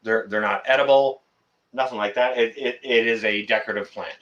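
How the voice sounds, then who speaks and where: A man's voice: lowish voice, fairly even intonation, brisk, fairly bright tone, highs cut off. A man hosting a casual live-stream chat, joking and teasing his guest. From Canada. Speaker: channel host.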